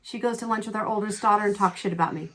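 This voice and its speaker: A woman's voice: medium pitch, racing, fairly bright tone, slight background noise. Chatty woman doing a makeup tutorial. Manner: chatty, candid, exclaims often. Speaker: beauty vlogger. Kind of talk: casual makeup tutorial with storytelling.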